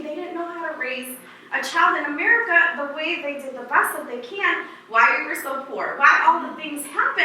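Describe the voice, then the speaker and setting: High bright woman in an echoey hall. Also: a little hiss or hum. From Laos. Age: 30s. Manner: earnest, emotional, quotes people in her story. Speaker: author speaking at an exhibit opening. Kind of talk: unprepared personal storytelling. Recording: echoey room, voice from far off.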